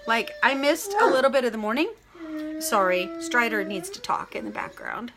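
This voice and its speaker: A middle-aged woman, chatting casually to camera in a rambling, excited way, full of "like" and "literally" and greeting viewers by name. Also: fairly high pitch, normal speed, noisy background. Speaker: vlogger.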